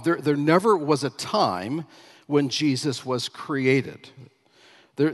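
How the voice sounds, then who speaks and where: Man, pastor, sermon, emphatic, drawn-out key phrases, echoing hall. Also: medium pitch.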